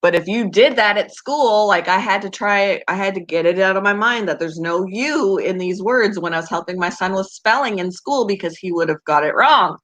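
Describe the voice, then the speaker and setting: A woman's voice: medium pitch, normal speed, few pauses, a bit bright. A woman from Canada with a Canadian accent, chatting casually on a live stream, giggly and answering viewers' comments. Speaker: pet channel host.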